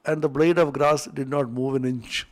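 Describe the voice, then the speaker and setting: A man teaching a scripture class, retelling a myth in an animated, playful way. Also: mid-range voice, normal speed. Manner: animated, playful storytelling with asides.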